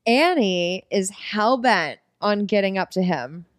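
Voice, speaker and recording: A woman co-hosting a podcast, recapping a film casually with jokes, swearing and lively reactions. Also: mid-range voice, slow pace, dry recording, clean studio sound. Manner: playful, jokey, swears, reacts with gasps and exclamations. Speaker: podcast co-host.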